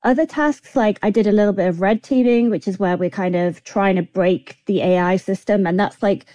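A woman's voice: medium pitch, normal speed, warm tone, no room sound. A woman screenwriter answering interview questions in a chatty way, using plenty of fillers. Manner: chatty, with many "like" and "kind of" fillers. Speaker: guest screenwriter.

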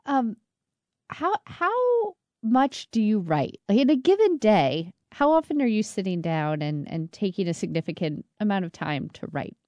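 Measured woman interviewer. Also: medium pitch, big pitch swings, dark tone, no room sound, highs cut off. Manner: measured, builds long questions. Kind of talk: interview questions.

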